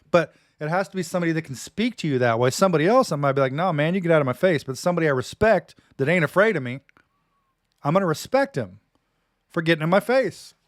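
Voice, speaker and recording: Brief: folksy man, Bible teacher on a live stream, slightly high voice, dry close sound. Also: no room sound. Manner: folksy and plain-spoken, says man and dude often.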